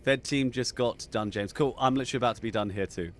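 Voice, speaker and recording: A man's voice: mid-range voice, fast talker. Effusive man hosting a game stream. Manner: chatty and effusive, often breaking into laughter. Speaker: live-stream host. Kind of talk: casual gaming chat.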